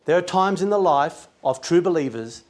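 Male preacher, earnest sermon delivery, slightly higher voice. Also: expressive, normal speed. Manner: earnest, emphatic preaching with scripture quotes.

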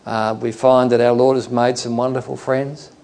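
A man from Australia leads an evening Bible study, talking it through in a relaxed, conversational manner. His voice has a gravelly edge, and he drifts off on small asides before coming back to the passage. He speaks at an ordinary middle pitch. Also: moderate pace. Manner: conversational, digressive, with fillers. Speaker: preacher.

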